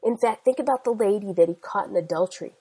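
A woman in her forties preaching a sermon, with emphatic, slowly stressed phrases. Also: medium pitch, warm tone, slightly rough, poor audio. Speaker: Christian speaker.

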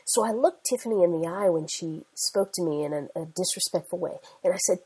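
Mellow, husky-voiced woman preaching. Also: lowish voice, poor audio. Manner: emphatic preaching with slow stressed phrases. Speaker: Christian speaker. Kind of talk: sermon.

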